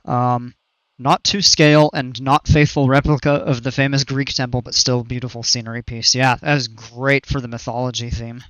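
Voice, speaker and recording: A man's voice: medium pitch, level tone, normal speed, fairly bright tone, no echo, highs cut off. A man chatting casually on a live game stream through a headset, chuckling a lot and trailing off mid-sentence.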